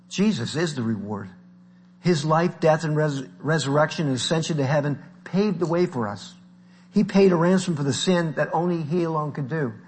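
A man's voice: fairly high pitch, slight background noise. A man preaching a sermon in an earnest manner, now and then stopping to correct himself.

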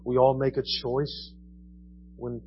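A man's voice: medium pitch, completely flat delivery, slow, dull audio, a little hiss or hum. A man preaching a sermon in a conversational style, asking his listeners question after question. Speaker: pastor. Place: church.

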